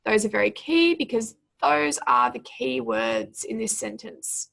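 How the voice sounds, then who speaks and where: A young adult woman teaching as a speaking tutor, explaining pauses and stress and reading a passage aloud clearly and deliberately. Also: on the high side, big pitch swings, a bit bright. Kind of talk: exam prep lesson.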